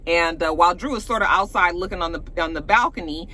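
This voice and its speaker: A woman's voice: fairly low pitch, fast, sharp tone. A woman vlogger recapping a reality show in casual, profane slang, laughing often and acting out what people said.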